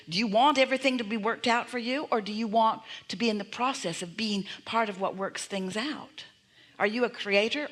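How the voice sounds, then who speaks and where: A woman's voice: on the high side, fairly bright tone. A woman teaching a live seminar audience, speaking as "we", with emphatic repeated affirmations and frequent rhetorical questions.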